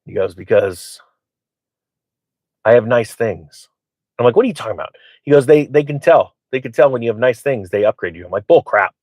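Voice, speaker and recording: A man's voice: mid-range voice, brisk, long pauses, no room sound. Dry, close-miked man telling rambling stories. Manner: rambling, animated retelling with quoted voices and frequent fillers. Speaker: channel host. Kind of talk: casual storytelling to viewers.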